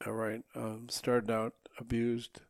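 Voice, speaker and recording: A man in his seventies with a gravelly edge, speaking at an even middle pitch. He tells family stories with dry, teasing humor, recorded close on a mic with a dead, dry sound. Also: slow, dry recording. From Minnesota. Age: 70s. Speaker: guest, the host's father. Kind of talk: casual family interview.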